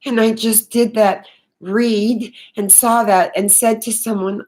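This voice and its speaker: A woman talking unscripted about her spiritual awakening, earnest and halting, with many fillers and restarts. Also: a little high, steady tone, darkish tone. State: tearful. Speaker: spiritual vlogger.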